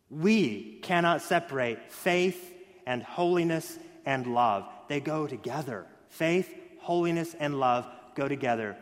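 A man preaching a sermon, stressing key words loudly and then dropping to hushed lines. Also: on the high side, lively intonation, measured pace. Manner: emphatic, swings between loud stresses and hushed lines. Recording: long hall reverb.

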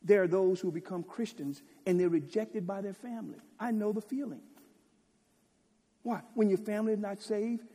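A man preaching with fervor, his fairly high voice carrying a husky edge. He swings from ringing declamation down to hushed, almost whispered lines and keeps throwing out rhetorical questions. The sound rings with the long reverb of a large hall. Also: normal speed. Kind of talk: sermon.

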